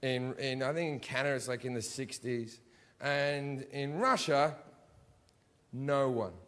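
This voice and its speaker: A man doing crude, profane stand-up comedy on stage, ranting and often rising into shouts. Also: mid-range voice, measured pace, a little hiss or hum. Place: theater stage before a live audience.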